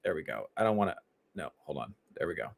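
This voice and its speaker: A man's voice: low voice, very animated, quick pace, vocal fry. A male comedian hosting his own podcast, talking alone in a rambling, profane and exasperated way, full of fillers. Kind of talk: solo podcast monologue.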